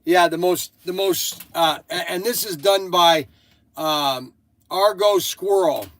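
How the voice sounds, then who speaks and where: A man's voice: high voice, takes it slowly, fairly bright tone. An older man hosting a casual chat, rambling and going off on tangents, sounding tired. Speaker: host.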